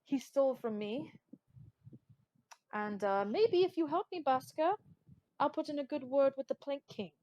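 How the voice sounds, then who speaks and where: A woman's voice: sits high, measured pace, pauses often, a little mellow, muffled recording, voice pushed up. A woman voicing a flamboyant, scornful male bird pirate in a tabletop game. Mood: smug. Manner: mocking, dismissive.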